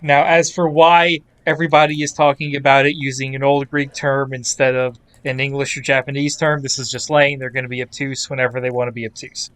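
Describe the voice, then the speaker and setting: A man's voice: mid-range voice, flat delivery, fairly quick, hardly any pauses, fairly bright tone, smooth, dry recording. A man hosting a casual podcast, explaining things with a wry, dry humor. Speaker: podcast host.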